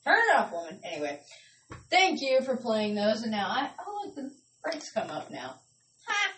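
A woman hosts a loose live radio chat, her voice swinging widely in pitch as she tells stories with excited squeals. She sits a little back from the microphone. The room gives her a noticeably echoey sound. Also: moderate pace, distant mic, a little hiss or hum. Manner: excitable storyteller, squeals when thrilled. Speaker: radio show host. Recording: roomy sound from off-mic.

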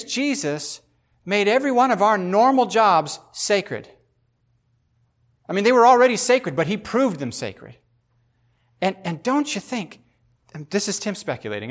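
A man hosting a podcast, talking in a casual devotional way, animated and speculative, often repeating himself for emphasis. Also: high-pitched, moderate pace. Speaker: podcast host.

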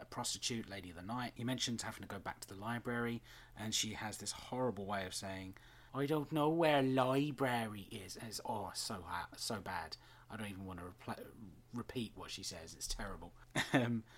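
A man talks through a TV episode scene by scene in a casual commentary. His voice sits a little low and has a husky edge. He is chatty and halting, and he often pauses on filler sounds. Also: fairly bright tone. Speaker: episode reviewer.

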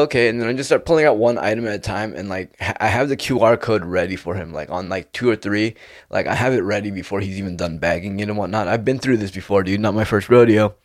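A man's voice: lowish voice, no echo, studio quality. A young man in a casual, rambling monologue, laid-back and peppering his talk with "dude". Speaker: vlogger.

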